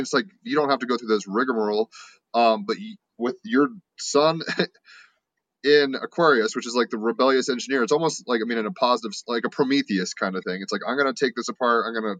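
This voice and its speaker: A man co-hosting an interview, riffing with quick enthusiasm. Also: medium pitch, a bit bright, no room sound. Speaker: co-host, astrology reader. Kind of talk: casual interview.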